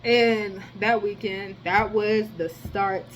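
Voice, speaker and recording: A woman telling a rambling personal story in a casual, profane monologue, with sudden jumps in loudness. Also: medium pitch, steady tone, takes it slowly, a little hiss or hum, rough recording. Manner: rambling, slangy and profane, with many restarts. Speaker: storyteller vlogger.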